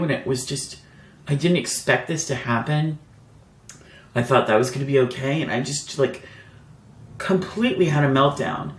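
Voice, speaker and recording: A woman's voice: low-pitched, echoey room. A woman telling a personal story in a chatty, rambling vlog style, full of "like" fillers. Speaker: beauty vlogger. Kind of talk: casual storytime.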